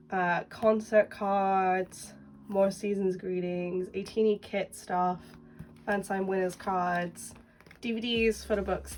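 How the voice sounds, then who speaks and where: A woman with a head cold, her voice nasal and deeper than usual, chatting casually through a collecting vlog. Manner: chatty, rambling, lots of "like". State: has a cold, blocked nose. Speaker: collecting vlogger. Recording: distant mic with faint background music.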